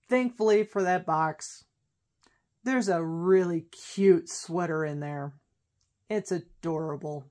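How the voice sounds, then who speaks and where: A woman's voice: lowish voice, takes it slowly, pauses often, a little mellow. Rambling, chatty woman vlogger. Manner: rambling, self-correcting, chatty. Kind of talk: casual chat.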